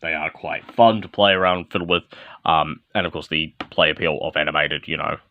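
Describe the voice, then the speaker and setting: This man's pitch is extremely low and his tone steady, and he moves along briskly. Handling and transforming a toy figure, he offers a casual review made of short step-by-step instructions. The sound is dull, lo-fi and dry.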